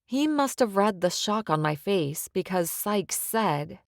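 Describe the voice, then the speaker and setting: A woman narrating an audiobook in a measured first-person storytelling manner. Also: medium pitch, animated, creaky, dry recording, clean studio sound. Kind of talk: scripted narration.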